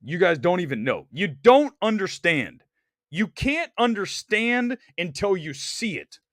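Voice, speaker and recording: A man hosting a casual movie live stream, joking loudly and ranting in excitable bursts. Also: high-pitched, a little slow, dry recording, studio quality. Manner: loud, excitable, jokey rants. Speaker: host. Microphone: desk mic.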